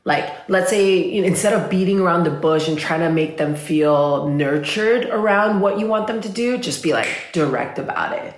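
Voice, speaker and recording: An animated woman coach with a fairly low voice, chatting casually and swearing freely. Her speech is full of "like" fillers and quick asides. The room around her is roomy and echoing. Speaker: spiritual and business coach. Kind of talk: casual podcast conversation.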